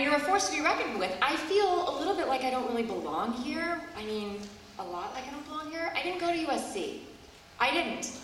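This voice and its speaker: A woman's voice: medium pitch, noisy background. A middle-aged woman giving a commencement speech, playful, self-deprecating and emotional. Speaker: commencement speaker. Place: large auditorium. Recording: echoey hall from far off.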